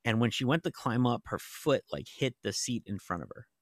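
A man's voice: medium pitch, lively intonation, a little fast, no room sound, clean studio sound. A middle-aged man, a TV writer, telling stories in casual chat, rambling with lots of fillers and the odd curse. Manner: rambling storytelling full of "like" fillers and profanity. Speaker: TV writer and novelist.

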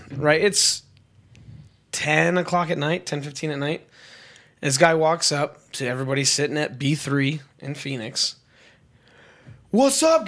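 A young man chats casually on a podcast, his voice sitting a little high. He tells stories with energy and drops into sudden higher voices when he mimics people. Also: fairly bright tone. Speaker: podcast co-host. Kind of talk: casual storytelling chat.

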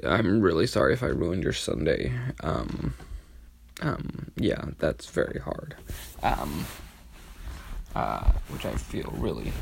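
A man's voice: medium pitch, vocal fry, slight background noise. A tired young man hosting a podcast, rambling with many fillers in a casual monologue. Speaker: podcast host.

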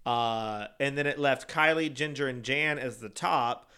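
A man in casual chat recapping a show, blunt and swearing, quoting people in animated voices. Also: mid-range voice, unhurried, smooth.

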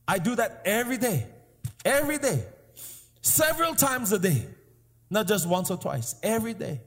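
A man's voice: high-pitched, sing-song, moderate pace. A man preaching a sermon with emphatic, repeated declarations and calls for the congregation to respond. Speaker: pastor. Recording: live sermon in an echoing hall with faint music.

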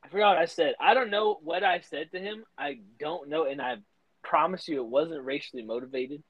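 A man's voice: on the high side, brisk, no echo, lo-fi sound. A young man co-hosting a podcast, telling stories in casual chat, swearing a lot and laughing often. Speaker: podcast co-host.

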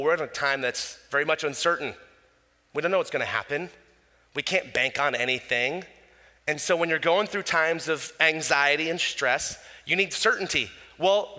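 A man preaching a sermon as pastor, lively and dramatic, dropping from loud to quiet. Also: a little high. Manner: animated preaching, acting out voices, swings from loud to quiet. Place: church hall. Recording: long reverb of a church hall.

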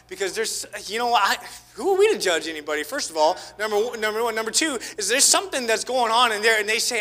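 A man preaching a sermon, swinging between loud exhortation and hushed asides. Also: high voice, animated, brisk. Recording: reverberant church hall.

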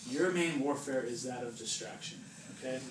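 A preacher with a medium-pitched male voice, talking at normal speed, gives an informal sermon to a small group. He's chatty and joking, acts out voices, and keeps asking "right?" The recording sounds roomy and distant, with background noise.

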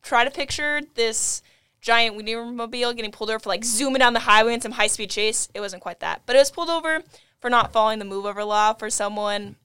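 A young woman co-hosting a casual podcast, telling news stories in an animated way with lots of fillers. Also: on the high side, quick pace, clean tone, no room sound. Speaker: podcast co-host.

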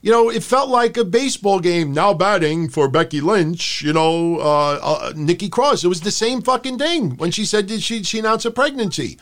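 A man's voice: sits high, lively intonation, moderate pace, few pauses, a bit bright. A man co-hosting a podcast, chatting casually about wrestling and mocking promos in put-on voices. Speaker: podcast co-host.

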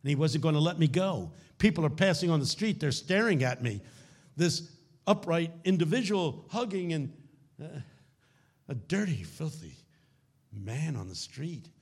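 A man giving a conference keynote sermon, telling stories dramatically and dropping to hushed lows. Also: animated, unhurried. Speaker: keynote speaker. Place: conference hall.

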